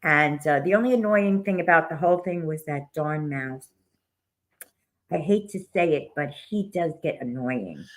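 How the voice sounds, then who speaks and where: A woman's voice: sits low, moderate pace. An older woman co-hosting a psychic show, chatting and giving encouraging astrology readings. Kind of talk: casual chat and astrology reading.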